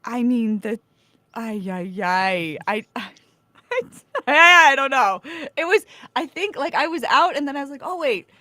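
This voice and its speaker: A woman co-hosting a casual chat, halting and flustered, often stammering and laughing. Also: high voice, lively intonation, bright, forceful tone, dry recording. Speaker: show co-host. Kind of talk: casual banter.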